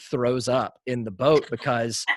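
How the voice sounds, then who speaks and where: A man's voice: medium pitch, steady tone, takes it slowly, dry recording. A young adult man hosting a podcast, earnestly retelling movie scenes in a casual conversational way. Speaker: podcast host.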